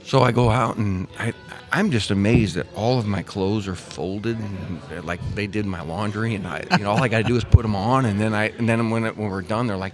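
A man's voice: on the low side, fairly quick, soft background music. An older man from Missouri, a former pro soccer player, telling long rambling stories in a casual interview. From Missouri, USA. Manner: rambling, with many restarts and quoted dialogue.

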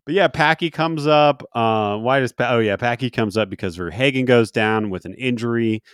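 Smooth-voiced man, rambling sports chat. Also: medium pitch, moderate pace, no echo, clean studio sound. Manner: rambling, hesitant, many fillers. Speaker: podcast co-host.

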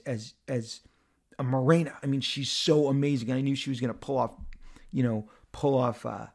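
A middle-aged man with a gravelly, creaky edge to his voice tells a personal story as a podcast host. He speaks at an ordinary pitch for a man, animated and halting, often repeating words as he goes.

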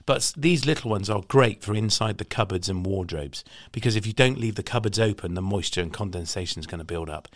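A man's voice: on the low side, fast talker, hardly any pauses, dry recording, studio quality. A man co-hosting a podcast, chatting casually, laughing often and explaining products. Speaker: podcast co-host.

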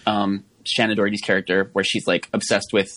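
Male guest, rapid talker, filler-heavy, mid pitch, dry close sound. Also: flat delivery, a bit bright, no echo. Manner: quick, with many "you know" fillers. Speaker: podcast guest. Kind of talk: casual chat.

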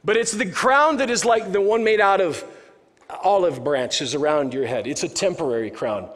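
A man's voice: high voice, normal speed. Man preaching in a reverberant hall. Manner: conversational, joking preaching with frequent restarts. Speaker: pastor. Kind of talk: sermon.

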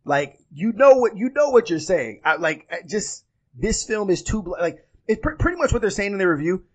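A man talking as a film critic in a casual panel discussion, animated, with frequent restarts and exasperated quoting of others. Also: high-pitched, a little fast.

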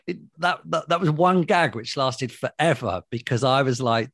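A middle-aged man with a London accent, a guest telling TV stories in a lively way, laughing and swearing freely. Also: mid-range voice, normal speed, gravelly, hardly any pauses, dry recording, clean studio sound. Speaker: guest, former TV presenter. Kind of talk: casual reminiscing chat.

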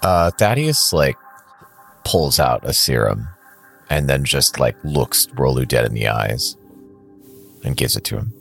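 A man at a game table, talking in a laid-back, slangy way. His voice is extremely deep, raspy and full of fry. Faint music hums behind him. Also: animated, measured pace, pauses often, fairly bright tone. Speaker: player. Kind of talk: casual chat at a game table.

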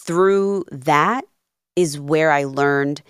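Woman, 30s, low register, animated storyteller acting out dialogue, dry close sound. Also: very slow, smooth, no echo. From Peru and New Jersey. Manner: animated, acts out quoted dialogue. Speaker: podcast guest, life coach. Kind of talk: casual interview storytelling.

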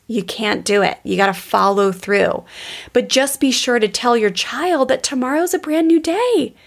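A woman hosting a parenting podcast in a casual, enthusiastic way, often speaking straight to her listeners. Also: on the high side. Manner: enthusiastic, chatty, addresses listeners as "you guys". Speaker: podcast host and parenting coach.

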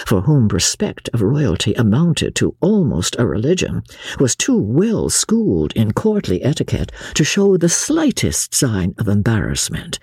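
Woman narrator, expressive audiobook reading, husky voice, very lively pitch, dry close sound. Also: no room sound. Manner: expressive, measured. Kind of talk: scripted narration of a classic novel.

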